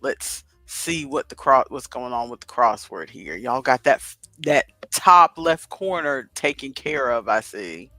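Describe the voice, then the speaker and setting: A chatty man in his fifties hosts a casual home livestream, puzzling over crossword clues out loud. His voice swings up and down with lively intonation, picked up close by a headset mic with a dry, dead-sounding room and faint music underneath. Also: mid-range voice, unhurried, hardly any pauses, no echo. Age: 50s. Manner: chatty, thinks aloud while solving a crossword. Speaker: livestream host. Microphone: headset with headphones.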